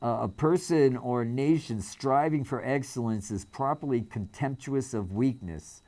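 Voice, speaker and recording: A man's voice: mid-range voice, unhurried, mellow. A man reading a text aloud as host, breaking off often with fillers, restarts and his own remarks. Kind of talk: casual spoken commentary on a reading.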